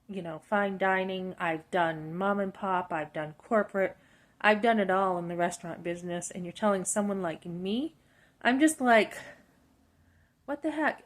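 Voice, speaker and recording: Woman, 50s, vlogger, indignant and animated storyteller. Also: lowish voice. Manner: animated, indignant, talks through her frustration; acts out both sides of conversations. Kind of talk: personal storytelling.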